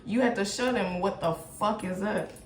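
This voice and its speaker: A woman doing a casual tarot reading, animated and profane, often breaking into laughter. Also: medium pitch, normal speed. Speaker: tarot reader. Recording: echoey room with faint noise.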